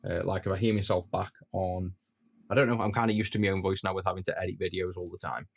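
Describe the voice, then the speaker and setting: A man from Stoke-on-Trent, England, with a Potteries accent chats casually with his stream audience while soldering retro consoles back to life. His low, creaky voice moves at a quick pace, and he's relaxed and rambling as he answers chat. The poor audio has a little hiss or hum.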